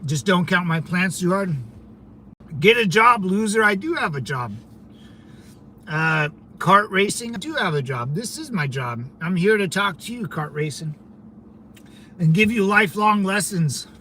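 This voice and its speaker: A young man with a bright, fairly high voice hosts a relaxed livestream and reads out viewer comments. He talks in a loose, easygoing way, laughs a lot and often repeats himself. A faint hiss of noise sits under his voice. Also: measured pace. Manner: laid-back, laughs often, repeats phrases. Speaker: livestream host. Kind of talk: casual livestream chat reading comments.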